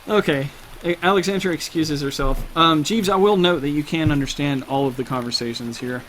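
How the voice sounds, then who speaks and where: Guy running a tabletop game, kinda high voice, uh's everywhere, faint rain in the back. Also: fairly quick, a bit bright, a little hiss or hum. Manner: casual, laughs at himself, many fillers. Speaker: game master.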